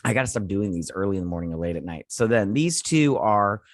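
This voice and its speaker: A man's voice: lowish voice, expressive, fast talker, no room sound, studio quality. A man hosting a casual TV episode recap, rambling and paraphrasing scenes as he goes. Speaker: host.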